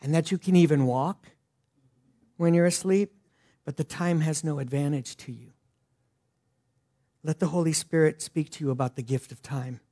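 A middle-aged male pastor preaching a sermon earnestly, swinging from loud emphasis to hushed lines. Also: a little high, creaky.

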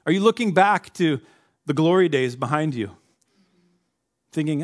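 Animated conversational male pastor. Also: fairly high pitch, a little slow, pauses often. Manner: conversational, acts out quoted voices, animated. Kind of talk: sermon.

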